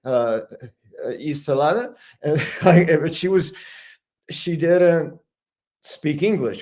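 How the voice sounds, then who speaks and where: A man's voice: mid-range voice, darkish tone. Older American man, regular guest, chatty storyteller with an amused, self-deprecating manner. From United States. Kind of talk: casual storytelling.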